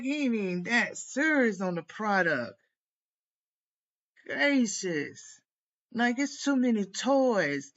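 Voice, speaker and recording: A woman's voice: fairly high pitch, a bit bright, dull audio. A woman tarot reader delivering a heated, profane, rambling rant straight to camera. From United States. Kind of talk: venting monologue to camera.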